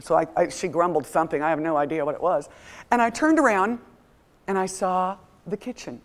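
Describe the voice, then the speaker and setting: A middle-aged woman giving a motivational talk to a live audience, telling stories with lively acted-out voices. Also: on the low side, a little fast. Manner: animated storytelling, acts out quoted voices. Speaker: motivational speaker.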